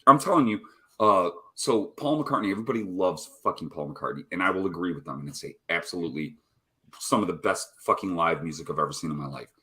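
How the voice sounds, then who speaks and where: A man with a low, husky voice talks loosely and profanely, wandering from one thought to the next in casual conversation. His speech is full of fillers and swearing. The sound is that of a relaxed live-stream chat at home. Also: quick pace. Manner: profane, rambling, swears constantly. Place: home, rolling a cigarette.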